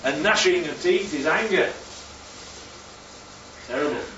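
A man's voice: on the high side, expressive, a little slow, pushed and bright, a little hiss or hum. A man from northern England preaching a sermon in a chatty, joking way, often asking the congregation questions. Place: church hall. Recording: echoey church room, distant mic, dull sound.

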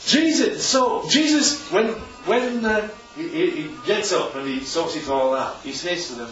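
A man's voice: high-pitched, animated, unhurried, hardly any pauses, a bit bright, faint music behind. A man leading an interactive sermon as a preacher, checking in with his listeners after nearly every point. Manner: constantly checks in with "right?". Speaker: preacher leading a Bible study. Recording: echoey room, distant dull mic.

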